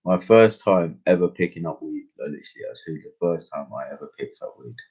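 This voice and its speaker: Low husky man rambling casually. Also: lively intonation, fast, a little mellow, highs cut off. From England. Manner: rambling, slangy, many fillers and restarts. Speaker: podcast host. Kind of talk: casual storytelling.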